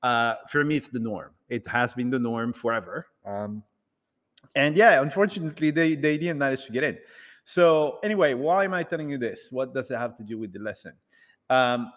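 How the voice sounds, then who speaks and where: Man telling a rambling story in a hall. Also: medium pitch. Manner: rambling, animated, acts out quoted dialogue. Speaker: speaker addressing an audience. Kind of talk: casual storytelling talk.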